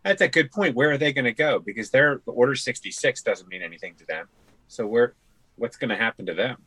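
A man chatting casually on a podcast in a lively, jokey way. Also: mid-range voice, fairly quick, slightly rough, rough recording. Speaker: podcast co-host. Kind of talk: casual chat.

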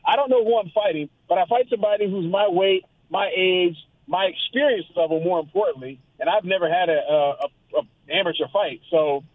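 A man's voice: high voice, brisk, few pauses, no room sound. A man calling in as a guest, chatting casually and telling long, rambling stories. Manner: rambling, storytelling. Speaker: guest amateur boxer. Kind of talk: casual chat. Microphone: phone line. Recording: tinny phone line.

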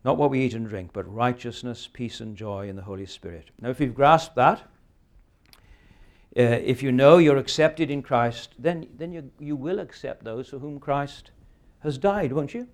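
A man's voice: medium pitch, normal speed. A man in his sixties preaching a sermon, earnest and emphatic, often ending points with rhetorical questions. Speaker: pastor.

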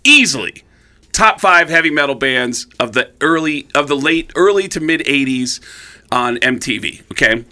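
A man telling a comic anecdote in an animated way, restarting his sentences often. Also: medium pitch, moderate pace. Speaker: storyteller guest.

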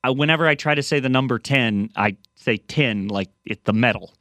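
A man's voice: mid-range voice, fast talker, fairly bright tone, no room sound. Young man from Tennessee and Missouri, rambling radio producer, dry close mic. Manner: rambling, hesitant, self-interrupting. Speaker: radio show producer asking questions. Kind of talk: casual sports radio banter. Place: radio studio. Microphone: studio mic.

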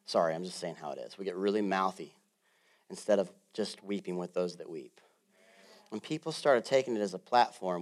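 A male pastor preaching a sermon in a casual, jokey way, swinging from loud bursts to quiet asides. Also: deep voice, a little fast. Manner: animated, swings between loud and soft.

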